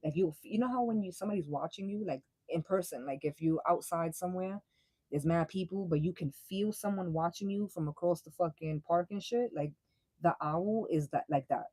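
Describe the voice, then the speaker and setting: Husky-voiced woman reading tarot. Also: on the low side, a little fast, warm tone, no room sound, rough recording. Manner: blunt, profane, slangy and laughing. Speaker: tarot reader. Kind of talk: casual live tarot reading.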